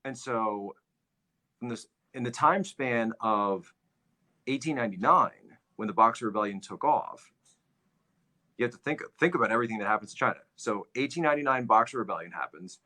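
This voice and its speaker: A man's voice: mid-range voice, lively intonation, normal speed, pushed and bright. A man hosting political commentary, lecturing on history and stressing points by repeating phrases.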